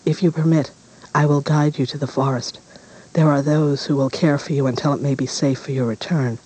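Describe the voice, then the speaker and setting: A man's voice: fairly high pitch, steady tone, fairly quick, a little mellow, husky, rough recording. Man reading an earnest huntsman. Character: earnest grown male huntsman.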